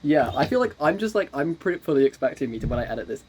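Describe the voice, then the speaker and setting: A woman's voice: deep voice, big pitch swings, racing, a little mellow, slight background noise. Young woman, podcast co-host, rambling self-deprecating chat, lots of restarts. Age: young adult. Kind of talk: casual chat.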